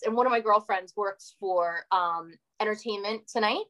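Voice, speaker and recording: A woman in her forties, a podcast guest telling animated stories and swearing freely. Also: fairly high pitch, moderate pace, few pauses, poor audio. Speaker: guest, former reality TV cast member. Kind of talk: casual podcast chat, storytelling.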